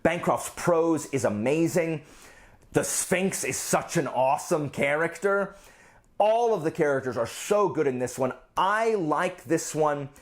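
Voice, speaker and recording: A man reviewing the books he read this month, gushing and excitable, with quick asides. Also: fairly high pitch. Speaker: book reviewer. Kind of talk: casual monthly reading wrap-up.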